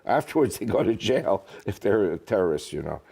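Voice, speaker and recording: Animated guy telling stories on a talk show, voice jumping all over. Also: fairly low pitch, moderate pace, vocal fry, husky. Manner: animated, joking storyteller. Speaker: guest speaker. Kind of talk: casual interview chat.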